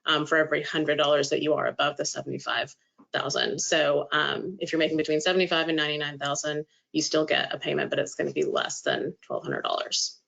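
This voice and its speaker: A woman presenting legal information in a webinar, explaining at length and filling pauses with "um". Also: low voice, fairly even intonation, gravelly, a bit bright. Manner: explanatory, many filler "um"s. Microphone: video call. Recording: dull lo-fi call audio.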